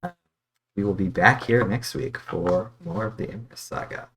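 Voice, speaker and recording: A man's voice: fairly low pitch, normal speed, fairly bright tone, slight background noise. A man narrating as game master of a tabletop game, talking hesitantly with many fillers.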